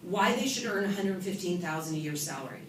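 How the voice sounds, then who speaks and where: A woman from California gives a humorous motivational talk to an audience, telling stories about herself with a lively, self-mocking manner. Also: fairly low pitch, fast talker. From California, USA. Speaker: author and event speaker. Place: event hall with an audience. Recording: echoey room from a distant mic with noise.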